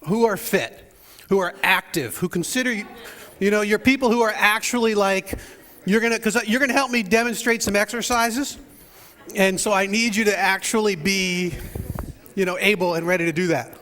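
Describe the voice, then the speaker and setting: A man with a high voice speaks as a pastor opening a sermon. He jokes and chats directly with his congregation in a church sanctuary. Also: normal speed, sharp tone, big-room sound. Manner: joking, chatty, talks straight to the congregation. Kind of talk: playful sermon opening with audience interaction.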